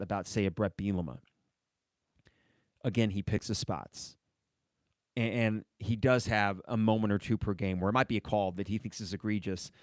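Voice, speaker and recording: A man with a lowish voice hosts a sports podcast solo, rambling casually, offering strong opinions and responding to comments from the live chat. The recording is dry and studio quality.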